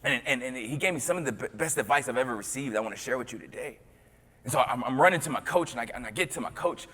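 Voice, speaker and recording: A young man from Tennessee, giving a motivational keynote as a storyteller. He swings from loud to hushed and often repeats his words. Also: mid-range voice, animated, quick pace. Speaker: motivational speaker. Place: large conference hall. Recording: long hall reverb.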